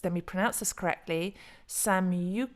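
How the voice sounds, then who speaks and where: A middle-aged woman talks casually to her viewers in a slightly low voice. She rambles along in a chatty way, restarting sentences and stumbling over names as she goes. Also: unhurried. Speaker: crypto video host. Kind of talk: casual solo commentary.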